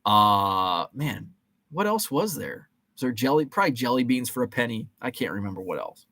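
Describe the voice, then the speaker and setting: A man in his forties chats casually on a live stream, rambling from one thought to the next with plenty of fillers and restarts. He keeps a light, joking tone. His voice sits at an ordinary middle pitch, recorded with a dry, close sound. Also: very animated, moderate pace, sharp tone, no echo. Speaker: host of a live chat stream.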